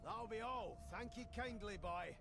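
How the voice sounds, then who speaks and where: An actor playing a scheming, jolly male dwarf sailor in a video game, with a Scottish accent and a sly, drawn-out delivery. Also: high voice, fairly bright tone. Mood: sly dismissive. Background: game music.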